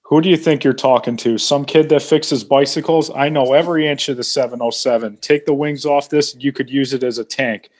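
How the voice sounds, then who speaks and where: A man reading as a cocky gruff airline mechanic. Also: mid-range voice, steady tone, brisk, few pauses, a little mellow, close to an everyday voice. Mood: taunting. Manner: taunting, boastful script reading. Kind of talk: reading a film scene aloud.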